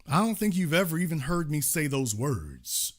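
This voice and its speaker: A man's voice: on the high side, very animated, normal speed. A man hosting a show who delivers a political commentary monologue in an emphatic, repetitive, preaching manner. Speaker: host.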